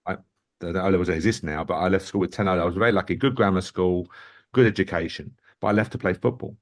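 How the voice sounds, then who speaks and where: A man, a football manager, telling lively stories in an interview and often addressing the host by name. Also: low-pitched, fast talker. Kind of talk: anecdotal interview storytelling.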